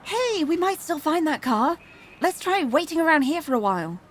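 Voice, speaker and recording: A woman's voice: sits high, big pitch swings, normal speed, slight background noise, pitched above the performer's own voice. A British woman voicing a kind young man who talks encouragingly. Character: kind young man trying to cheer a friend.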